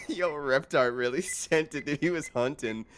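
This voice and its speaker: A man's voice: a little high, measured pace, noisy background. A man casting an esports match in a casual, laid-back way, laughing often and calling people bro and dude. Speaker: esports caster. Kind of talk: casual play-by-play commentary.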